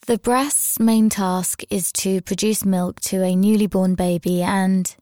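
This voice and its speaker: A woman's voice: medium pitch, fairly even intonation, dark tone, dry recording, clean studio sound, lightly acted. A woman voicing a shy, hesitant young female nursing student in an audio story. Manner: halting, hesitant.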